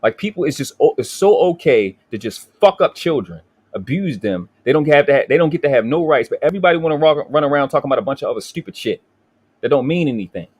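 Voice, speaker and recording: A man's voice: mid-range voice, expressive, fast talker, a little mellow, slightly rough. Angry ranting man hosting a livestream. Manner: angry, profane, ranting with restarts. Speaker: livestream host. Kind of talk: heated livestream talk.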